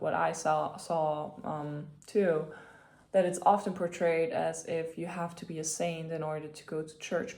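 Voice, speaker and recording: A woman vlogging in a casual, chatty way, telling a story with lots of fillers and animated retellings of conversations. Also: low-pitched, gravelly. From Austria.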